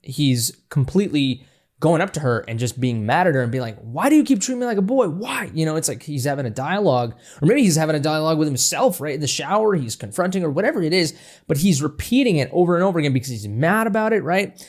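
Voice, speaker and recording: Quick and high-pitched with lively intonation, a music reaction channel host picks apart a song in loose, enthusiastic talk. He rambles and restarts frequently, slipping into scatting and laughter.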